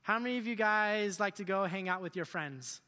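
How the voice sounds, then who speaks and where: A male youth pastor preaching a sermon in an animated, joking way, asking the group questions. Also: sits high, normal speed, in a large hall. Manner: animated, jokey, asks the crowd questions.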